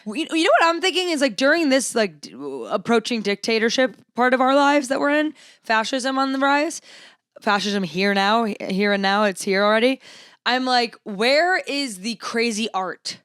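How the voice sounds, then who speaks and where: Young woman podcast co-host, fairly high voice, chatty and teasing. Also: normal speed, a bit bright, clean tone, no echo, studio quality. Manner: chatty, teasing, rambling with many "like"s. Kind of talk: casual chat.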